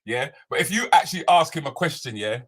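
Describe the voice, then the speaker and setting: A man's voice: on the high side, expressive, fast talker, a bit bright, breathy edge. A man co-hosting a podcast, talking bluntly in casual banter with street slang. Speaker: podcast co-host.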